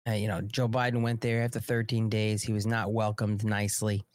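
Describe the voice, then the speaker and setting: A man's voice: lowish voice, level tone, brisk, no room sound. A man with a Long Island New York accent hosting a live political commentary show, talking bluntly and heatedly in a rambling way, with many restarts.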